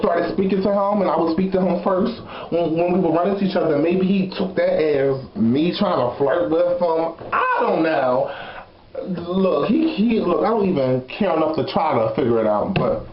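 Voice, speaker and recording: A young man telling a story in a casual vlog, sassy and animated, laughing often. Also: high-pitched, roomy sound, dull audio. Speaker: vlogger.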